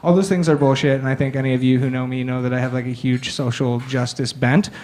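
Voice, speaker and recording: A man hosting a comedy show, introducing the next act with sardonic, brisk banter from the stage. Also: mid-range voice, flat delivery, a little mellow. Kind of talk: stand-up emcee introduction. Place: comedy stage, live audience.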